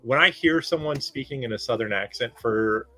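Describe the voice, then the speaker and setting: A man's voice: medium pitch, normal speed, sharp tone. A man from Florida joking in casual stream chat and swearing often. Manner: joking, profane.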